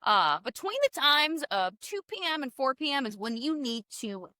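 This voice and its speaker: A woman from the American South co-hosting a casual podcast, telling stories in an animated way and swearing freely. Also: high voice, moderate pace, clear, resonant tone, no echo, studio quality. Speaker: podcast co-host.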